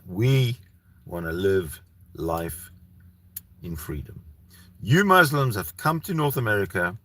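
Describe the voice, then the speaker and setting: A man's voice: deep voice, pushed and bright. A Canadian man hosting a rambling solo show, heated and profane, often restarting his sentences. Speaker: solo channel host. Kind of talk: rambling solo livestream talk.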